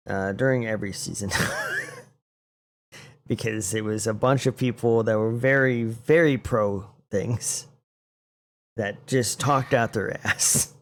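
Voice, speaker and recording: A man's voice: fairly low pitch, slow, slight background noise. A young man co-hosting a podcast, talking bluntly in casual chat and swearing a lot. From Arizona. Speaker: podcast co-host.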